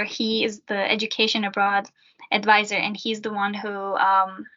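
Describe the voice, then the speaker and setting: A woman's voice: on the high side, sharp tone. A young woman who works as a student peer helper, answering interview questions in a chatty way with a lot of fillers. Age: young adult. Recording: dull lo-fi sound.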